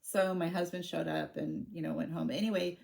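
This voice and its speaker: A woman in her forties with a low voice talks straight to her viewers. She is candid and halting, often breaking off and restarting her sentences as she tells her own story. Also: gravelly, darkish tone. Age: 40s. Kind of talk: personal storytelling to camera.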